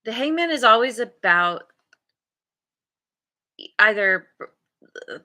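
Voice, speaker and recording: A woman's voice: a little high, animated, takes it slowly, pushed and bright. A woman giving a casual tarot reading, thoughtfully searching for words as she reads the cards aloud. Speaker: tarot reader.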